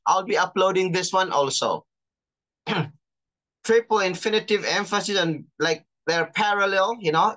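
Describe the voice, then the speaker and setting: A chaplain teaching an online class, patiently explaining and reading out terms slowly over a video call. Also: mid-range voice, a bit bright. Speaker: chaplain and lecturer.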